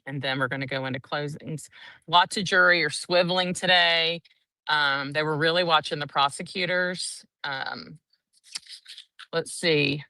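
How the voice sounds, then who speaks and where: A woman's voice: deep voice, bright, forceful tone, no room sound, far from the mic. A woman, casually recapping a trial day and acting out the quotes in a chatty, breathless way. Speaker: courtroom trial reporter.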